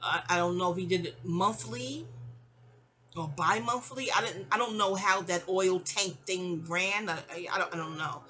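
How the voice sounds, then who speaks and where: A woman's voice: on the low side, moderate pace, bright, forceful tone. A middle-aged woman telling a long personal story in a casual, rambling way, often digressing. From New York.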